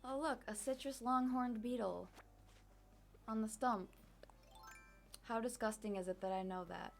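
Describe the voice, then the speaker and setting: A woman's voice: fairly high pitch, unhurried, gravelly, faint music behind. A young woman casually commenting on her gameplay, chatty and self-deprecating with many fillers, at a desk microphone. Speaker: streamer.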